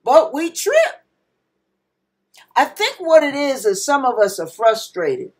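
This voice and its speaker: Emphatic woman preaching a slow, lively sermon. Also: high-pitched. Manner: preachy, emphatic, acts out panicked cries. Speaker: pastor.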